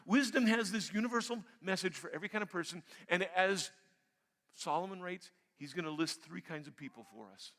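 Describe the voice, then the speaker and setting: A male pastor preaching a sermon in a church sanctuary, emphatic and swinging between loud and quiet. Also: high-pitched. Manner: emphatic preaching, rising loud on key points then dropping quiet. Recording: reverberant church hall.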